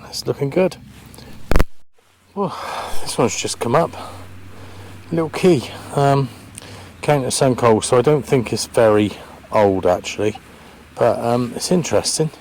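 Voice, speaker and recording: A man's voice: mid-range voice, gravelly, a little mellow, slight background noise. A man vlogging his metal detecting in a farm field, thinking aloud in a hesitant, chatty way as he talks to the camera. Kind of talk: casual commentary to camera. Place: open farm field outdoors.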